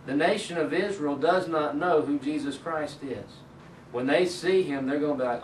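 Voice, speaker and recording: A man's voice: on the high side, normal speed. A man leading a Bible study, reading scripture aloud and then explaining it in a conversational way. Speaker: Bible teacher. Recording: echoey room, mic at a distance, faint ambient noise.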